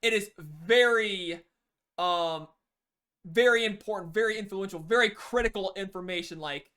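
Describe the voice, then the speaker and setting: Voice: medium pitch, a bit bright. Casual coach rambling about teamwork, lots of you-knows and restarts. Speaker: game coach. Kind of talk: casual spoken lesson.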